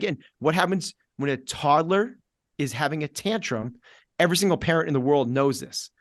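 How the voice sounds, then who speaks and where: Energetic middle-aged coach, dry close sound. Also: male voice, a little high, no echo. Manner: energetic, acts out inner voices in quoted asides; repetitive, punchy coaching delivery. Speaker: fitness coach, podcast guest. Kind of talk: podcast conversation.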